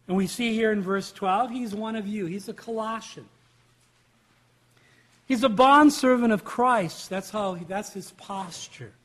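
A man's voice: sits high, measured pace, fairly bright tone. A man preaching a sermon as a pastor, emphatic and full of rhetorical questions.

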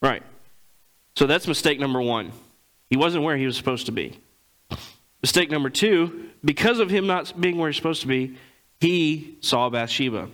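A man preaching a sermon, reading scripture and retelling it in casual everyday speech, clearing his throat often. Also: a little high, lively intonation, normal speed, long pauses, a bit bright, poor audio.

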